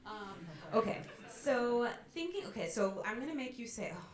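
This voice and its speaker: Encouraging woman voice teacher, lively pitch. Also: normal speed. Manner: encouraging, demonstrates with sung sobs. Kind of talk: master class coaching. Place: college teaching hall. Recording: roomy hall with faint ambience.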